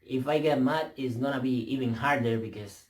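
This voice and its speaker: Heated Spanish-accented young man ranting. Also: mid-range voice. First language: not English. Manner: profane, emphatic, halting restarts. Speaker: vlogger. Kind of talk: heated rant to camera. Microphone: camera mic.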